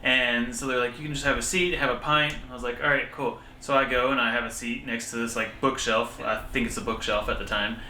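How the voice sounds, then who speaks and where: Bright-voiced young man, roomy echo. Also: mid-range voice, fairly even intonation, a little fast, hardly any pauses. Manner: jokey, laughing. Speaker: travel vlogger. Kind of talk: casual storytelling chat. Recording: echoey room, faint background noise.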